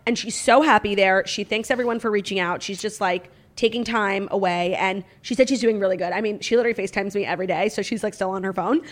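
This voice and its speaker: A woman's voice: medium pitch, fast, hardly any pauses. A woman co-hosting a podcast in casual chat, chatty and full of "like", also reading an ad spot. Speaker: podcast co-host.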